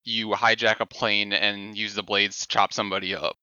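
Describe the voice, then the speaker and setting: A man co-hosting a gaming podcast, recapping his week in a relaxed, rambling way with many fillers. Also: lowish voice, normal speed, smooth, no echo, dull audio. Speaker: podcast co-host. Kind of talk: casual gaming podcast chat.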